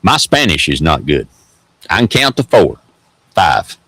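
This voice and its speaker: A man's voice: very deep voice, huge pitch swings, a little slow, fairly bright tone, husky, no room sound, low-quality recording. A man with an East Tennessee accent hosting a vlog, rambling through a casual story in a folksy drawl with lots of repeated words. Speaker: host.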